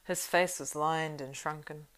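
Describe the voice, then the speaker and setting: A woman reading a fantasy audiobook, narrating in a steady, unhurried way. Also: low voice. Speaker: audiobook reader.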